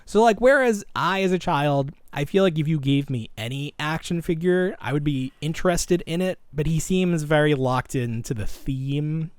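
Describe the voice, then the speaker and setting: Guy rambling on a podcast, kinda tired voice, laughs a lot, higher pitched. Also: normal speed, few pauses, clean tone, no echo. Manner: rambling, self-interrupting, laughs often. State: voice getting tired. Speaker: podcast co-host. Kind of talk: casual chat.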